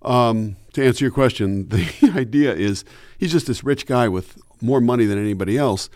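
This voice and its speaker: A man who works as a radio announcer chatting as an interview guest in an animated way. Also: mid-range voice, normal speed, dry recording, clean studio sound. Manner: animated, chatty, slips into voices. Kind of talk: casual interview chat.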